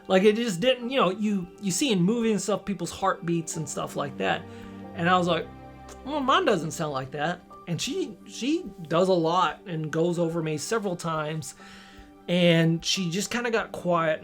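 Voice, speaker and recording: A man telling a personal story in a casual, halting way, often restarting sentences and acting out what others said to him. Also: fairly high pitch. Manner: halting, with many restarts and quoted dialogue. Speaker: storyteller recounting a personal experience.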